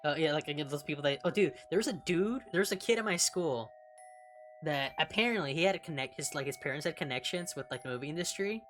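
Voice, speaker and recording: A young woman streamer with a low voice chats casually, blunt and full of swearing. She laughs often as she reads along, with faint music behind her. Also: animated, fast talker. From California, United States. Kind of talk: casual chat while reading along.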